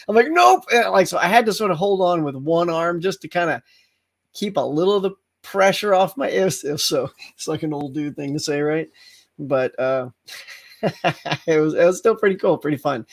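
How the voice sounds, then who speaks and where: A middle-aged man hosting a casual livestream chat, telling stories with lots of laughter and acted-out yells. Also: a little high. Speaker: host.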